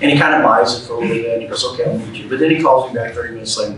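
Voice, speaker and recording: A man's voice: mid-range voice, very fast, crowd noise. A man giving a talk to a club audience, telling a story in a folksy, plainspoken way and acting out the quoted lines. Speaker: guest speaker. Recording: echoey room, speaker far from mic.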